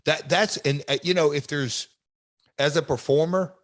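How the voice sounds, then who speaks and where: A middle-aged man, a wrestler hosting a podcast, telling a story in a reflective, halting way. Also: fairly high pitch, steady tone, a bit bright. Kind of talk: casual podcast chat.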